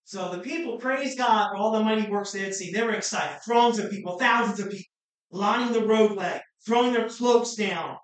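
Echoey woman preaching passionately. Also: normal speed. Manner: impassioned preaching, rising to shouts and falling to low asides. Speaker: pastor. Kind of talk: sermon. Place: church sanctuary. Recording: very echoey hall, mic far off.

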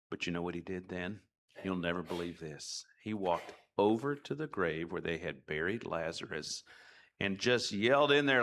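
Animated man telling children a story. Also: low voice, a little fast. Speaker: children's director. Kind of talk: children's message in church.

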